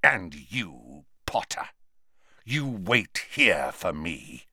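A man voicing a stern middle-aged male teacher in an audiobook reading, speaking in a low, clipped, coldly furious voice. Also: lively intonation, moderate pace, fairly bright tone, no echo, studio quality, lightly acted. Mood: icy.

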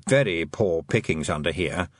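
Storybook talking toad, glum, hesitant, mournful, slow and wary, voiced by a male narrator, dry sound. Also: sits low, lively intonation, no echo, voice pushed down. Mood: mournful, cautious.

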